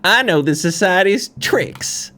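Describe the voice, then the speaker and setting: A streamer playing a suspicious, grumpy cowboy clerk in a video game, with a gruff Western drawl. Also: medium pitch, lively intonation, slow pace, pushed and bright, slight background noise.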